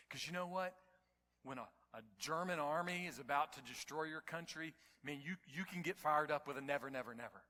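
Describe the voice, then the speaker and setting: A man preaching a sermon to his congregation, telling stories and building to near-shouts at the climaxes. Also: on the high side, fairly quick, long reverb tail. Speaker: pastor. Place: church sanctuary.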